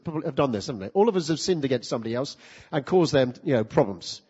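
Animated preacher in a reverberant hall. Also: male voice, fairly high pitch, breathy edge, lo-fi sound. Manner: animated, talks to the congregation with rhetorical questions. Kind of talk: sermon.

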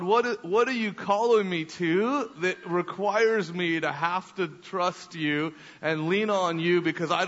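High, bright-voiced man preaching in a hall. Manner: animated, repeats words while telling a story. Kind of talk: sermon storytelling. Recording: echoey hall, dull lo-fi sound.

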